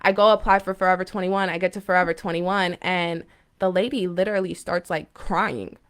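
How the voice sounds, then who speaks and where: With a fairly low, clear, resonant voice, steady in tone and brisk, a young woman hosts a spiritual live stream. She rambles emphatically through a personal story for viewers, with many fillers and restarts, recorded on a phone or webcam microphone.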